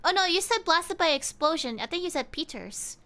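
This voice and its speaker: A woman's voice: very high-pitched, expressive, fairly quick, bright, forceful tone. A woman streaming a game, chatting casually and thinking aloud to her chat.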